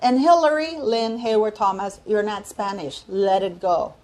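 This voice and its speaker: A woman's voice: mid-range voice, normal speed, a little mellow. A woman in her fifties hosting her own channel, talking casually and giving strong opinions, often restarting sentences and searching aloud for words. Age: 50s. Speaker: channel host. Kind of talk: opinionated commentary vlog.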